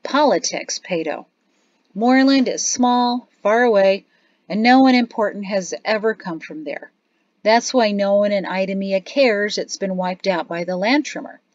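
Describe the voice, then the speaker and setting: A woman's voice: mid-range voice, moderate pace, darkish tone, dry recording, close to an everyday voice. A woman narrator voicing a weary, rueful father who talks in a sad, grumbling way, in a storybook reading. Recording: dry, slightly dull studio audio.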